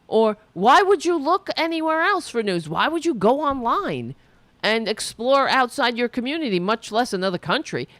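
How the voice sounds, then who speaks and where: A woman's voice: on the high side, a bit bright, dry recording. Heated, swearing woman ranting politics. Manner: profane, sarcastic, heated. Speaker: political commentary host. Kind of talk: angry political rant.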